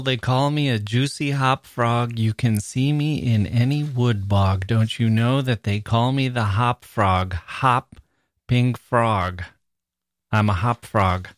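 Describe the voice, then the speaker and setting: A man's voice: mid-range voice, fairly bright tone, dry recording. Wry male podcast host, dry sound. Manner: wry, mockingly disappointed. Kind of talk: casual podcast commentary.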